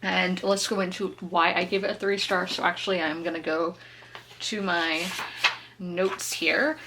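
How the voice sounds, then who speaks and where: A woman's voice: fairly low pitch, fairly even intonation, measured pace, sharp tone, a little hiss or hum. A woman, chatting casually through a book review, laughing often and correcting herself as she goes. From South Carolina, US. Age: 20s. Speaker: book vlogger.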